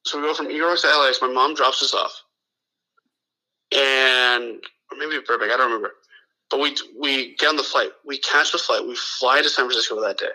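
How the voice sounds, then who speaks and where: A man's voice: medium pitch, fairly even intonation, brisk, sharp tone, low-quality recording. A man from the Los Angeles area telling a long story in casual chat, profane and full of restarts and quoted dialogue.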